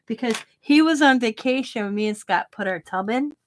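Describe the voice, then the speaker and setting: A middle-aged woman telling a long story with blunt, animated delivery and casual swearing. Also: fairly high pitch, normal speed, a little hiss or hum. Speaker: craft channel host. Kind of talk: casual storytelling while crafting.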